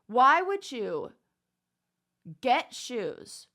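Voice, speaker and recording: A woman co-hosting a podcast in casual chat, talking in quick panicky bursts from her basement studio. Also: on the high side, big pitch swings, a bit bright. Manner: panicky, breathless, exclaiming. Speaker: podcast co-host.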